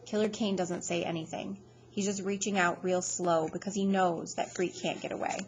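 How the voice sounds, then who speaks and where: Woman reader, first-person novel narration, steady and measured, faint hiss behind. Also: on the low side, poor audio. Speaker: audiobook reader.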